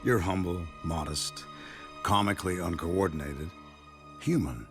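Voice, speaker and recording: A cold, condescending villain genius. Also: male voice, sits low, measured pace, music in the background. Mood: coolly condescending. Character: cold scheming adult male villain genius.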